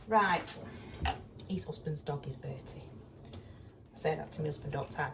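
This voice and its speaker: A woman's voice: low voice, normal speed, vocal fry, pauses often. A woman chatting casually in her kitchen while she cooks, exasperated and down to earth. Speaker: vlogger. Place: cold home kitchen. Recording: distant mic, loud kitchen noise. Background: clattering dishes and pans.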